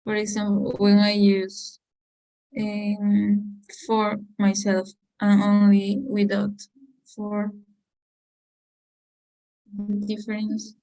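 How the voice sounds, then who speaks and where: A female student asking her teacher a question in class, speaking in a hesitant, halting way. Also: mid-range voice, monotone, dark tone, no room sound, low-quality recording.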